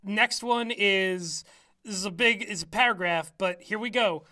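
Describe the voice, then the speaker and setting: A man's voice: high voice, measured pace, pushed and bright. A man co-hosting a podcast in casual chat, laughing often as he reads aloud. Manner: giggly, laughs often while reading aloud. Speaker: podcast co-host.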